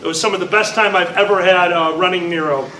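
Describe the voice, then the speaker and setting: High bright guy on a con panel, teasing his buddy, slow and laughing, echoey. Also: fairly even intonation, a little hiss or hum. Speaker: convention panelist. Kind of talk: casual storytelling. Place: convention panel room.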